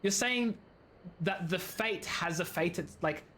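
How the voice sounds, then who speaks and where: A woman streaming a game, chatting in an animated, rambling way with lots of tangents and giggling. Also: lowish voice, a little slow, a little hiss or hum. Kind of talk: gaming stream commentary.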